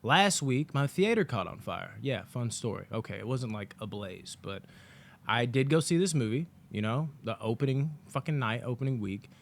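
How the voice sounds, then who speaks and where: A man's voice: mid-range voice, lively intonation, normal speed, vocal fry. A man casually reviewing a movie on his vlog, telling long stories in a rambling, profane way with lots of fillers.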